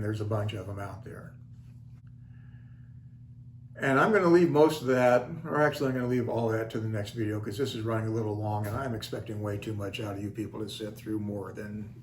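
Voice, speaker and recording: A man's voice: lowish voice, steady tone, moderate pace, slight background noise. An older man hosting his own channel, telling a story in a wry, self-deprecating, folksy way. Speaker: channel host. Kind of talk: casual storytelling vlog. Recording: roomy echo, faint ambience.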